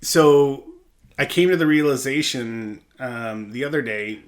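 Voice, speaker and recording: A man's voice: medium pitch, measured pace. A man co-hosting a podcast, talking casually over beers and telling rambling stories full of "like" and "I'm like". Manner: rambling, chatty storyteller with lots of "like" and "I'm like". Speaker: podcast co-host.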